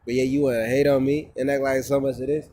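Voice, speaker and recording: A man's voice: mid-range voice, flat delivery, quick pace, dark tone. A man talking casually to his phone camera outdoors, rambling and profane, often repeating himself. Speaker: vlogger.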